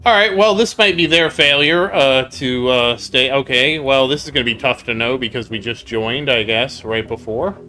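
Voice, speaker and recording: A man's voice: medium pitch, normal speed, hardly any pauses, sharp tone, soft background music. A man hosting a gaming channel, chatting casually over gameplay as a rambling storyteller who laughs often and repeats himself.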